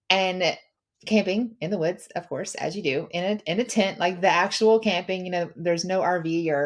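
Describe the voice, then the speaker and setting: A middle-aged woman hosts a podcast and tells a personal story in a casual, chatty way. Her voice sits a little low, and she talks with lively energy and plenty of filler words. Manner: chatty, animated, lots of "like". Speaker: podcast host; mother of daughters.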